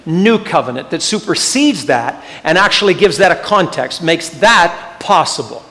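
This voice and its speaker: A man's voice: a little high, creaky, a bit bright, in a large hall. An older man preaching a sermon as pastor, earnest and building to fervent emphasis. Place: church sanctuary.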